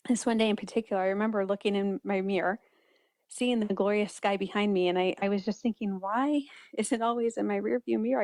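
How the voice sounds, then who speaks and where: A woman's voice: medium pitch, a little mellow, no echo, clean studio sound. A woman guest author speaking earnestly and reflectively in an interview, often restarting her sentences. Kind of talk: conversational interview.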